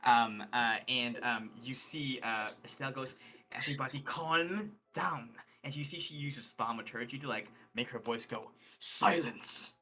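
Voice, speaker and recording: Bright-voiced game master, filler-heavy. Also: male voice, medium pitch, steady tone, normal speed, hardly any pauses. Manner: hesitant, filler-heavy narration. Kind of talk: narrating a tabletop game.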